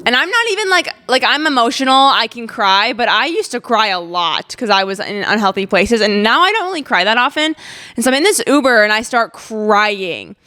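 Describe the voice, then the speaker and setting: Chatty young woman with a smooth voice. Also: fairly high pitch, a little fast. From Ozarks, USA. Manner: chatty, many "like"s, candid and expressive. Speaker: podcast host. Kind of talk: casual personal storytelling.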